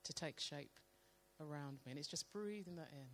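Woman sharing devotional testimony, slow and meditative in delivery. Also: low voice, slight background noise. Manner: slow, calm, soft-spoken, meditative. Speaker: church member sharing testimony. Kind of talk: devotional testimony with guided prayer.

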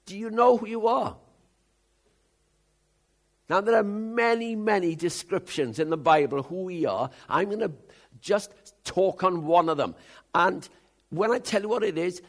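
An older man preaching a conversational sermon, telling stories with frequent throat-clearing and chuckles. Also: high voice.

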